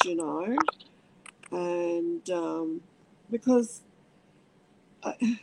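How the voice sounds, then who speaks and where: A middle-aged woman, telling her personal story in halting speech with many restarts. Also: lowish voice, background noise. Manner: halting, many restarts, acts out voices in quotes. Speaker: interviewee.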